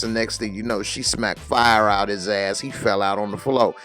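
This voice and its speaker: A man's voice: fairly low pitch, moderate pace, faint music behind. A man giving a casual, slangy recap of a TV episode and quoting the characters as he goes. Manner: slangy, lively retelling with quoted lines. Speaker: TV recap reviewer.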